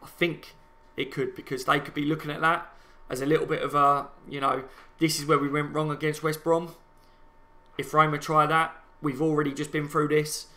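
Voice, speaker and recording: Hosting a fan live stream, a Liverpool-accented man chats passionately about an upcoming match and reads out viewer comments, calling them "guys" and "lads." His voice is on the high side, bright and forceful, with a level tone at normal speed.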